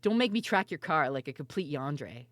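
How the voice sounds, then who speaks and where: A woman with a lowish voice, chatting on a live stream. She is loud and quick to laugh, and she swears freely. Her voice is recorded close and dry, with no room sound. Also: animated, no room sound. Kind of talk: casual live-stream chat.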